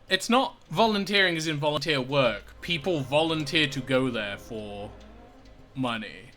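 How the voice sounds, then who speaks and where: A man streaming a video game live, talking it over casually and thinking out loud. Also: a little high, lively intonation, unhurried, faint music behind. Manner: casual, rambling and thinking aloud.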